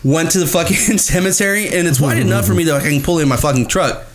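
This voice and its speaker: A man's voice: on the high side, fast talker, a little hiss or hum. A man telling a paranormal story in casual podcast chat, swearing constantly and acting out the sounds he heard.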